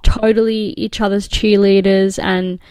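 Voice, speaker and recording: An upbeat woman hosting a chatty interview, her voice at a middle pitch. She sounds dry and close to the mic and asks long, rambling, encouraging follow-up questions. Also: flat delivery, a little slow, a little mellow, clear, resonant tone, no room sound. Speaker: podcast host. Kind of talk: casual interview chat.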